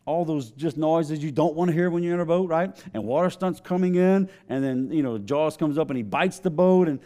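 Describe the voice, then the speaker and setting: A man's voice: a little high, brisk, dark tone. A man preaching a sermon as pastor, telling stories conversationally and laughing often.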